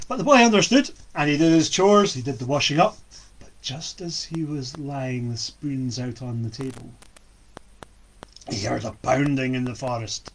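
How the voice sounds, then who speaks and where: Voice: medium pitch, husky. A storyteller telling a folk tale for children in a playful way, with sound effects.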